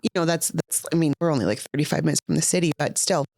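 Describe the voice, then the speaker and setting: Relaxed woman co-host. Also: deep voice, rapid-fire, vocal fry, no echo, clean studio sound. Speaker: podcast co-host. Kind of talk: casual chat.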